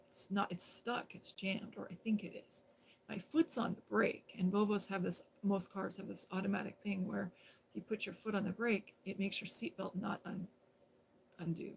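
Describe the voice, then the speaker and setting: Woman, creaky gravelly voice, casual storytelling, rambling, filler-heavy, live streamer. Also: medium pitch, a little hiss or hum, low-quality recording. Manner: rambling, conversational, many fillers and restarts.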